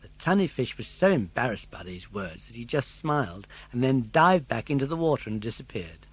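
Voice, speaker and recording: An older man narrating a children's story in an expressive, animated way. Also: mid-range voice, brisk, breathy edge. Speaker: audiobook narrator.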